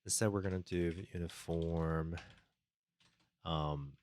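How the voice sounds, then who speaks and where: He speaks slowly in a low, steady and slightly mellow voice. Streaming his game's development, he thinks out loud and mutters while coding, picking up chat messages and thanking viewers casually on a close desk mic.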